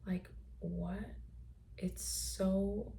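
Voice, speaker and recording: A woman talks slowly and thoughtfully in a personal monologue, her soft voice often dropping to a breathy whisper. The tone is warm and mellow, with a gravelly fry at the ends of phrases. Faint noise sits behind her. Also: medium pitch, fairly even intonation. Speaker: podcast host.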